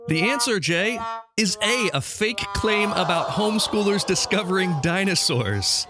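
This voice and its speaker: A man's voice: high voice, animated, unhurried, over music. A man hosting a casual comedy podcast quiz, chatty and laughing often as he reads out questions. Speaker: podcast host quizzing a guest.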